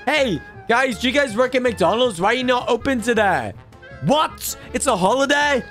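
A man voicing an excitable, greedy toddler boy, commenting on his gameplay in a babyish voice. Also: normal speed, soft background music. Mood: excited. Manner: high babyish voice, excitable gaming chatter.

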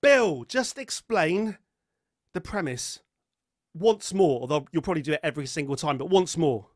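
A man's voice: on the high side, expressive, moderate pace, no room sound. A man co-hosting a podcast in casual chat, with dry, wry humour. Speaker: podcast co-host.

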